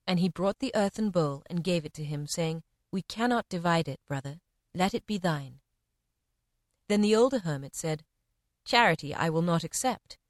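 A woman giving a measured, expressive reading of short parables in old-fashioned language. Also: fairly low pitch, no echo, studio quality. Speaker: reader. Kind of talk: scripted narration of parables.

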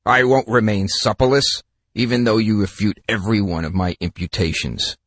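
A man's voice: fairly low pitch, steady tone, moderate pace, a bit bright, husky, dry recording, clean studio sound. A man voicing a scheming wolf who speaks in a menacing, accusing way. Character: scheming, tyrannical male wolf.

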